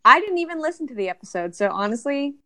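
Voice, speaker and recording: A woman's voice: high voice, very animated, fast, pushed and bright. A young woman co-hosting a podcast in casual chat, giggly and rambling with lots of fillers. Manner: giggly, rambling with many likes. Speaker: podcast co-host.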